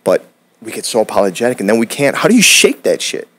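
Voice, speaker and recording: A man's voice: on the low side, sing-song, quick pace, a bit bright, no room sound. A man from Detroit, an acting coach, talking bluntly in a casual podcast chat and acting out quotes. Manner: blunt, profane, acts out quotes in voices.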